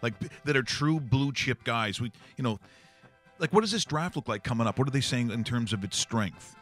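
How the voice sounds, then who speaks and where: A man hosting a casual sports talk stream, tossing quick joking questions to his panel. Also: medium pitch, animated, fairly bright tone, faint music behind. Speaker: host.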